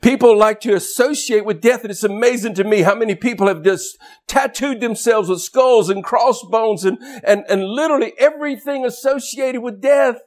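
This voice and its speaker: High-voiced preacher man, shouting emphatically. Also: normal speed, few pauses. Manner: swings from loud shouted emphasis to low quiet asides. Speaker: pastor. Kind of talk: sermon.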